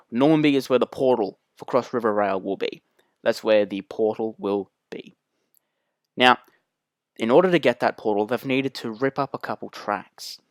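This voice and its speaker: Energetic Australian man hosting a rail vlog. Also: medium pitch, clear, resonant tone, no room sound. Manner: energetic, rambling, repeats key phrases for emphasis. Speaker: rail enthusiast channel host. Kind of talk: scripted enthusiastic vlog narration.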